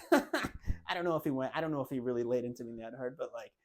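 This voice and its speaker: A man in his thirties hosting a podcast, telling a family story in a relaxed, animated way. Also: medium pitch, fairly quick. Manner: animated storyteller, acts out family members' lines. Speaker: podcast host. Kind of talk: casual storytelling monologue.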